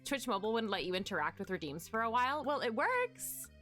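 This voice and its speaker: A woman's voice: a little high, very animated, brisk, fairly bright tone, faint music behind. A woman streamer chatting casually with her viewers, bubbly and giggly as she reads out chat. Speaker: livestreaming artist.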